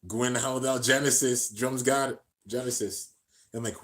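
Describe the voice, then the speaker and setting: A man's voice: medium pitch, fairly even intonation, measured pace. Hyped young man calling anime battles. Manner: hyped, shouts at big moments, slangy. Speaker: anime reaction commentator. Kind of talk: excited casual play-by-play commentary.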